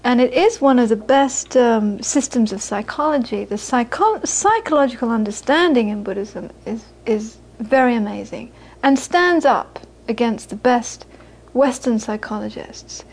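A woman's voice: fairly high pitch, lively intonation, unhurried, few pauses, darkish tone, slightly rough, low-quality recording. A woman Buddhist teacher giving an informal, conversational dharma talk to an audience, repeating phrases for emphasis and often laughing.

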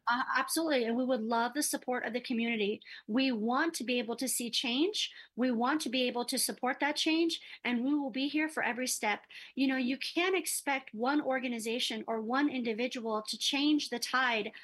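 A woman's voice: a little high, fairly quick, few pauses, a bit bright. A middle-aged woman speaking earnestly as a community organizer in a radio interview, with occasional stumbles.

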